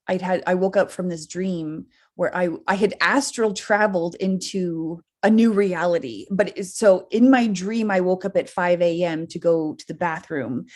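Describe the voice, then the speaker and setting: A woman co-hosting a podcast, casually telling a long dream story, laughing often and swearing freely. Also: fairly low pitch. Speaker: podcast co-host. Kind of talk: casual chat, recounting a dream.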